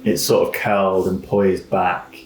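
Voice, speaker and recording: A man's voice: sits low, measured pace. A man narrating a tabletop game as dungeon master, describing scenes in a loose, casual way. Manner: relaxed descriptive narration with fillers like "like". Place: rented lodge room. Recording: echoey room with faint noise.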